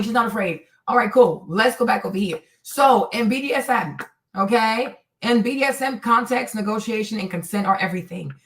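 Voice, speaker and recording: A woman's voice: medium pitch, a bit bright. A woman hosting a show, commenting on a video and insisting on her points, repeating "you see" and "right". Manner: acts out others' lines in quoted voices. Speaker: host.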